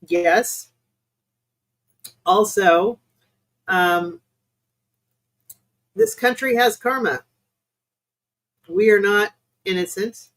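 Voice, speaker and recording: An American spiritual reader hosts a live stream in a fairly low voice, with poor audio quality. She takes viewers' questions in a rambling, unsure manner full of fillers, talking with her audience chattily and apologetically.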